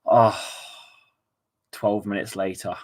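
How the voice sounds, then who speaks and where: A man's voice: on the low side, little pitch movement, takes it slowly. A young man chatting casually on a football live stream, reading viewer messages aloud and laughing often.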